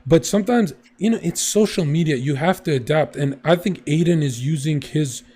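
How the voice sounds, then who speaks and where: A man in casual podcast chat, telling stories in an animated way and swearing freely. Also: fairly high pitch, normal speed, husky.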